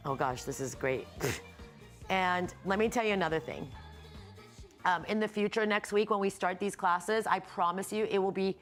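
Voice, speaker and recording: With faint music in the background, a healer and yoga teacher leads an easygoing guided meditation in a hotel room. Her mid-range voice moves at a moderate pace, relaxed and rambling, frank, with the odd swear word.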